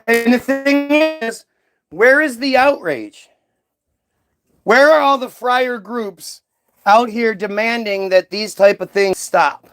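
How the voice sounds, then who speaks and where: A man's voice: high voice, slow pace, fairly bright tone, soft background music. Heated, profane male commentator. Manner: heated, profane, full of rhetorical questions. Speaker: commentary host. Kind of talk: ranting commentary.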